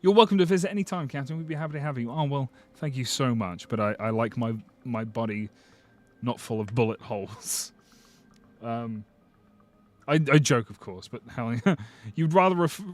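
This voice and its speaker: A British man livestreams in a medium-pitched voice at a moderate pace, joking and reading his viewers' comments. His talk is loose, full of swearing and restarted sentences.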